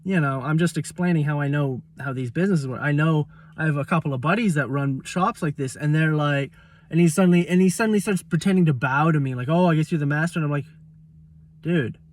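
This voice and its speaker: Exasperated high-voiced man ranting. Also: fast, far from the mic. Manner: heated, exasperated, swears, quotes people mockingly. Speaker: vlogger. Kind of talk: casual ranting story.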